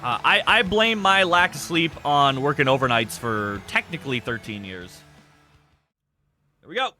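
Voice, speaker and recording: A man in his thirties hosting a game stream, chatting casually and answering chat in a rambling, self-described monotone. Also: a little high, moderate pace, faint music behind. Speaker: streamer hosting an e-fed wrestling show.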